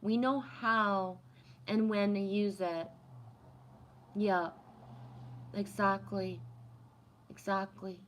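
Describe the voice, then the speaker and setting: A woman's voice: mid-range voice, steady tone, very slow, long pauses, slight background noise. A woman hosting a livestream who chats casually, reads viewer comments aloud and muses on spiritual topics, often adding "right?". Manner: warm, affirming, spiritual musing with frequent "right?". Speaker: livestream host answering chat.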